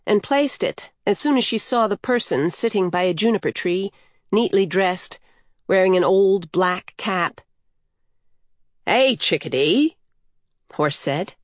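A woman reads a storybook in calm, measured narration. Her pace is slow and unhurried and her voice sits on the low side. The sound is close and dry. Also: no room sound. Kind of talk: scripted narration.

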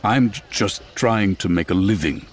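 A man's voice: lowish voice, animated, normal speed, breathy edge. A man voicing a wary middle-aged father who speaks carefully and stammers under pressure. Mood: guarded.

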